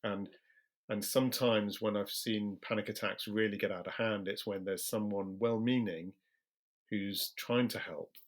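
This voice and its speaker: A British man, a general practitioner, explaining things in a calm, measured way during an interview and slowing his speech on purpose. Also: fairly low pitch. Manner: calm, measured, slows deliberately for emphasis.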